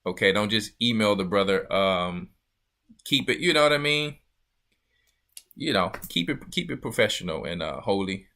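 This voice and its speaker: Bright-voiced man hosting a chatty livestream. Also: on the low side, animated, normal speed. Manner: loose, joking, chatty. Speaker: church elder and show host. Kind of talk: casual livestream chat.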